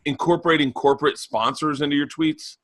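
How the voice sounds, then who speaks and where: A man in his forties, a podcast guest telling animated stories in a raspy, loud voice. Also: a little high, fairly quick, no room sound. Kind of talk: casual chat.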